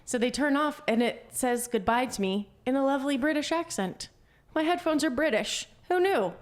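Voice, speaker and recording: Woman, podcast co-host, casual chat, laughs a lot, higher pitch. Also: lively intonation, normal speed. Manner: chatty, laughs often.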